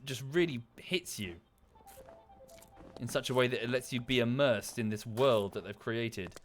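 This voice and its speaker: A British man talks through a gaming livestream in loose, enthusiastic rambles, dropping swear words as he goes. His voice sits at an ordinary middle pitch, recorded close on a desk mic with faint game music underneath. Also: measured pace. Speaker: streamer. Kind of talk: casual livestream chat.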